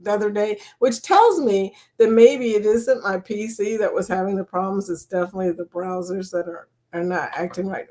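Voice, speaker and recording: A woman's voice: mid-range voice, darkish tone. An older woman hosting a live chat stream, reading out viewer comments in a chatty, teasing way and laughing often.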